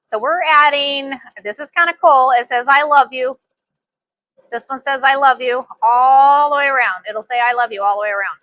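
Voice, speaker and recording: A woman giving a casual sewing machine demonstration, chatty and excitable, repeating her phrases as she works. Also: sits high, moderate pace, no echo. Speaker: sewing instructor.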